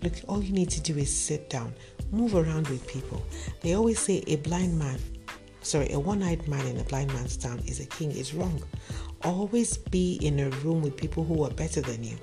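A man's voice: on the high side, animated, normal speed, creaky. A man telling a cautionary story and turning it into an earnest lesson, speaking directly to his listeners. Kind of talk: moral storytelling monologue. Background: music playing underneath.

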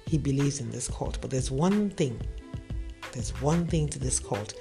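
A man's voice: medium pitch, expressive, a little slow. A man telling a cautionary story and turning it into an earnest lesson, speaking directly to his listeners. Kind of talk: moral storytelling monologue. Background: music playing underneath.

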